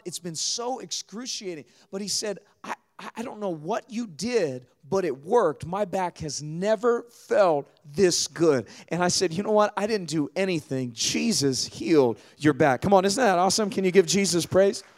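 A man with a fairly high voice preaches a sermon as the pastor. He tells personal stories in a conversational way, then builds to emphatic calls for the congregation to respond. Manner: storytelling, rising to emphatic exhortation.

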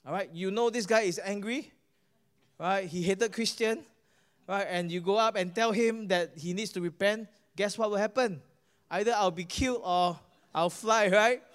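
Singaporean male preacher, middle-aged, high and smooth voice, animated storyteller who keeps checking in with the crowd. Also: moderate pace. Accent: Singaporean English. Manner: animated storytelling, asks the audience "right?" and "guess what?". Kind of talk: sermon with personal testimony.

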